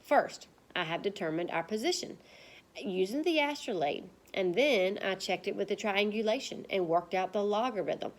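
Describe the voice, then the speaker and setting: A woman's voice: medium pitch, normal speed, lightly acted. A woman voicing a clever, smug young female mouse from a storybook, speaking in a self-assured, explanatory way. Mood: explaining.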